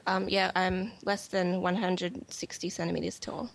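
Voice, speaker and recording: A woman, a guest on an online talk show, speaking hesitantly and plainly with many pauses. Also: lowish voice, flat delivery, vocal fry, slight background noise. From Australia. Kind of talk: casual chat.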